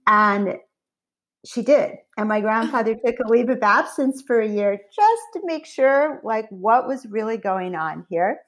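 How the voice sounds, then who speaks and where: A middle-aged woman, a company founder and guest, telling family stories in an animated, conversational way. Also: a little high, unhurried. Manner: lively, animated storyteller with laughs. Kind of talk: conversational storytelling.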